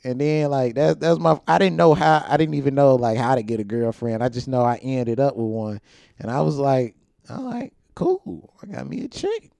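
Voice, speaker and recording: A man's voice: mid-range voice, steady tone, fairly quick, vocal fry, a little mellow, dry recording, studio quality. A young man, telling stories in a laid-back, slangy way on a casual podcast chat. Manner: laid-back storytelling, slangy, laughs often. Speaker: podcast co-host.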